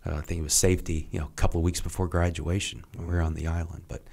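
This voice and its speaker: A middle-aged man, a retired Navy SEAL guest on a podcast, telling training stories casually, halting and restarting often. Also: low voice, level tone, creaky, darkish tone. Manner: halting, with many restarts and acted quotes. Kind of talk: casual storytelling.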